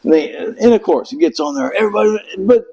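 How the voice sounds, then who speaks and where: A man's voice: high voice, fast, creaky, darkish tone, husky, rough recording. A middle-aged man telling a rambling, profane story in casual chat, acting out quotes in raised voices. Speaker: Marine veteran guest.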